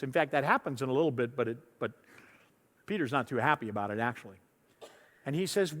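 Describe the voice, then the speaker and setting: A male pastor gives a sermon in a loose, conversational way, doubling words as he goes and slipping into the voices of people in his story. His voice sits fairly high. The sound carries a long reverb from the church hall. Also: lively intonation, fast. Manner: conversational, acts out disciples' voices, repeats words. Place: church sanctuary. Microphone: lapel mic.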